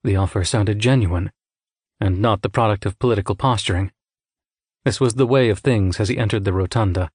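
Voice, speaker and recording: Low-voiced male audiobook narrator. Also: fairly quick, a little mellow, dry recording, clean studio sound. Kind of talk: scripted narration.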